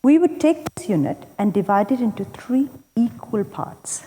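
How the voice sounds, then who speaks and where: A woman's voice: a little high, very animated, mellow, slight background noise. Woman teaching dance rhythms, long reverb. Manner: clear, deliberate teaching tone, chanting rhythm syllables. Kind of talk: instructional explanation with rhythmic syllable recitation.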